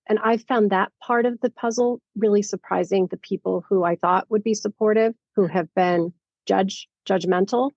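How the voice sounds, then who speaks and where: A woman's voice: mid-range voice, vocal fry, mellow, no room sound, lo-fi sound. A woman hosting a podcast, asking questions with empathy and finishing her guest's sentences. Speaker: podcast host. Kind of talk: conversational interviewing.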